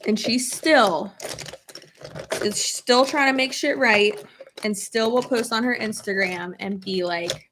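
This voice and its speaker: With background noise behind her, a young woman speaks unhurriedly in a medium-pitched voice, her nose stuffed up from a cold. This beauty vlogger talks bluntly and loosely through her makeup at a home makeup table in a get-ready-with-me chat, swearing freely and reading comments aloud.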